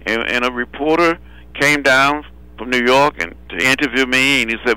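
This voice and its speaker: A man, a guest on a phone interview, speaking in a measured way and repeating phrases for rhythm. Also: medium pitch, bright, forceful tone, clear, resonant tone, no room sound, rough recording. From Alabama. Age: 70s. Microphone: telephone.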